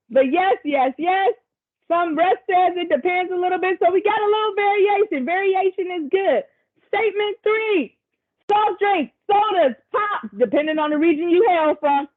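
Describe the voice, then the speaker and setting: A woman presenter facilitating a virtual workshop over a video call, chatty and encouraging, with casual asides to the group. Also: very high-pitched. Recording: tinny video call audio.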